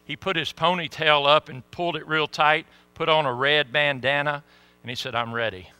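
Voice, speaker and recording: Preacher, middle-aged man, bright and sharp tone, dry close sound, folksy storyteller. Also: fairly high pitch, fairly even intonation, moderate pace, smooth, no room sound. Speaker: pastor. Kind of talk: sermon storytelling.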